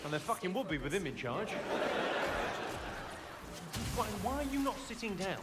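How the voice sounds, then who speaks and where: A man's voice: high-pitched, sing-song, moderate pace, heavy background noise. A man doing stand-up crowd work at a comedy club, brash and sweary, teasing the audience. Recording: live club, loud crowd laughter.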